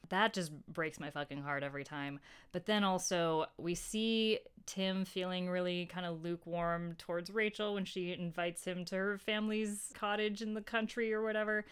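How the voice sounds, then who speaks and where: A woman's voice: on the low side, steady tone, moderate pace, clean tone. A woman in her thirties co-hosting a podcast, telling stories emphatically and swearing freely. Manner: emotional, emphatic storyteller who swears freely. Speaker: podcast co-host. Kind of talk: casual chat.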